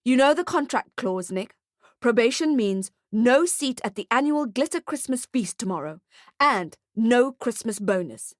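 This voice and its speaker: A woman's voice: fairly high pitch, expressive, a little slow, no echo, clean studio sound. A woman voicing a weary male boss who scolds firmly in an audiobook. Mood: stern. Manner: firm, scolding.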